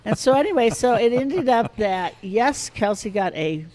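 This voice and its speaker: A woman in her sixties telling animated stories on a podcast, casually swearing and acting out a child's shrieks. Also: a little high, normal speed. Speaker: guest storyteller.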